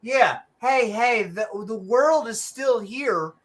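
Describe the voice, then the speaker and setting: A man's voice: very high-pitched, lively intonation, slow, a loud crowd. A man co-hosting a skeptic podcast, ranting casually with profanity and frequent restarts. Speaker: podcast co-host. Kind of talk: casual reaction commentary.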